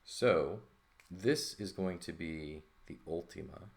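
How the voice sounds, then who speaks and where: Male teacher, very deep voice with vocal fry, informal recorded lesson, thinks aloud as he writes. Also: takes it slowly, darkish tone. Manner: casual, thinking aloud with frequent "okay?" and "right?" checks. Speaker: Greek teacher.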